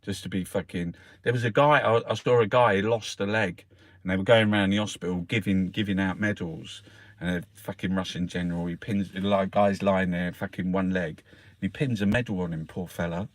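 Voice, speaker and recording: A man's voice: sits low, fairly even intonation, a little fast, dry recording. A middle-aged man, ranting in angry, heavily sworn commentary as he reviews the newspapers. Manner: angry, sweary, heated rant.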